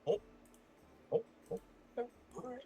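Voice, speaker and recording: A man playing a tabletop game, excitable and quick to laugh, jumping from quiet asides to loud outbursts. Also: slight background noise. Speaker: player.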